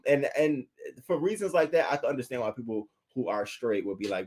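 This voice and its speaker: A man's voice: fairly quick, slightly rough. A man reviewing a reality show in casual, profane commentary, answering viewers' comments and acting out what he would have said. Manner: animated, profane, talks back to viewers' comments; acts out quoted lines in a higher, louder voice.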